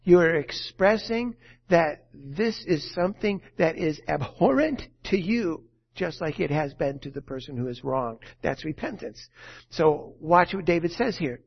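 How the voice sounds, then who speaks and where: A man preaching a sermon, earnest, shifting from loud emphasis to hushed, quiet lines. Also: fairly high pitch, animated, a little slow, gravelly, breathy edge, highs cut off.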